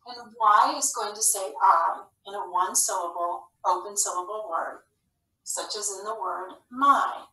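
A woman teacher with a bright tone explains a phonics lesson gently, step by step. She sounds a little way off from the mic in a roomy, echoing space. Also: medium pitch, unhurried. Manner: gentle, explanatory classroom delivery. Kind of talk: recorded video lesson. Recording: roomy, somewhat distant.

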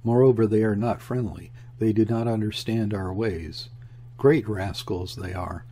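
A man voicing a rambling, excitable old trader. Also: on the low side, a little slow, a little hiss or hum, close to an everyday voice. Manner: garrulous, excitable, jumping between topics. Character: weary, rambling middle-aged trader host.

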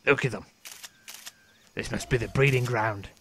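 A man giving comedic in-character commentary over a video game, swearing constantly and breaking into sudden excited outbursts. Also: medium pitch, normal speed, slight background noise. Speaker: gameplay commentator.

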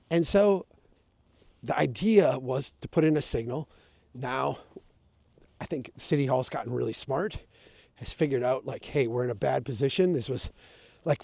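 Guy doing a casual vlog rant, warm mellow voice, dry close sound, emphatic with sarcastic bits. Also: on the high side, no room sound. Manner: conversational, emphatic, with sarcastic asides. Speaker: urban planning advocate.

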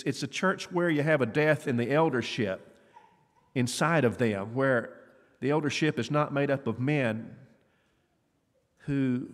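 Earnest preacher guy talking to a church crowd, lots of questions, voice rings out in a big reverby hall. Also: medium pitch. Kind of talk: sermon. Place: church auditorium.

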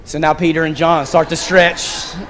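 Pastor, male, high voice, lively stage preacher with a joking touch; long hall reverb. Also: moderate pace. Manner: animated, directing volunteers on stage with playful asides. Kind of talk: sermon. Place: church stage. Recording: long reverb of a large sanctuary.

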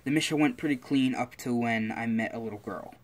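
A man voicing a wounded young male assassin who reports what happened in a flat, matter-of-fact way. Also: mid-range voice, fairly quick, close to an everyday voice. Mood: recounting.

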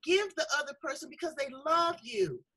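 A middle-aged woman hosts a talk show, chatting casually in a candid, folksy, emphatic style. Her voice sits high and sing-song, bright and forceful at normal speed, though the recording is rough.

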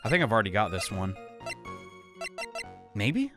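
A man's voice: fairly low pitch, sing-song, moderate pace, long pauses, pushed and bright, faint music behind. A man giving casual, joking let's-play commentary over a game. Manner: loose, slangy, joking to himself. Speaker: gaming YouTuber.

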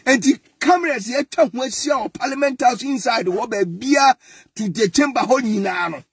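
Husky high-voiced Ghanaian man, mocking. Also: unhurried, dry recording, studio quality. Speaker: political commentator. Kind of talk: mocking political commentary.

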